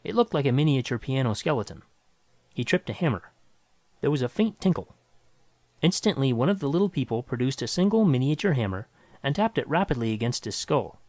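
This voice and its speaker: A man reading a science fiction story aloud with dramatic, expressive narration. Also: mid-range voice, fairly quick, no room sound.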